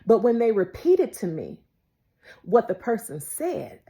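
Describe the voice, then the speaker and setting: A woman preaching a devotional sermon, emphatic and repetitive, moving between loud declarations and hushed whispers. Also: a little high, very animated, a little slow. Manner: repeats phrases for emphasis.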